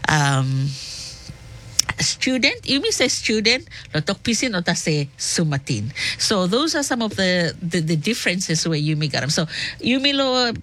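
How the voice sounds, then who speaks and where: A woman's voice: on the low side, sing-song, moderate pace, fairly bright tone. A young woman radio presenter from the Solomon Islands with a Solomon Islands Pijin accent, chatting casually in a mix of English and Pijin with lots of fillers.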